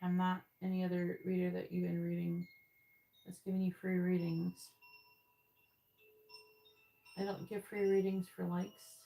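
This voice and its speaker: A woman's voice: lowish voice, completely flat delivery, measured pace, creaky, long pauses, dark tone. A woman giving tarot readings on a live stream, chatting directly with viewers in the chat. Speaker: tarot reader.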